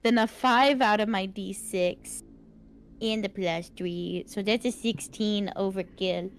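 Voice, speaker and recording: A woman playing in a live tabletop game, talking in rapid, rambling asides and swearing casually. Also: mid-range voice, fairly even intonation, a little hiss or hum. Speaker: player.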